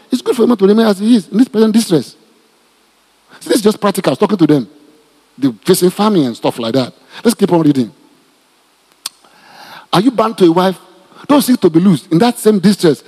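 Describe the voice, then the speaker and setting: A Nigerian-accented male pastor teaches from scripture in a mellow, slightly husky voice pitched a little high. He talks in an animated, repetitive way and tosses joking asides to his listeners. His words ring out with a long reverb, as in a church hall. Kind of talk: teaching sermon, Bible study.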